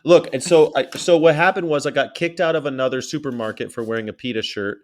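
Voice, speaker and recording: An American man hosting a casual chat, telling a story in an animated way, acting out quotes and swearing freely. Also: medium pitch, fast. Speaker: podcast host.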